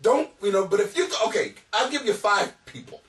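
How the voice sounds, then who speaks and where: Animated, crude comedian host. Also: male voice, sits high, fairly quick, far from the mic. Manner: rambling, crude, laughing at his own jokes. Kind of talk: comedic advice podcast. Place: home basement.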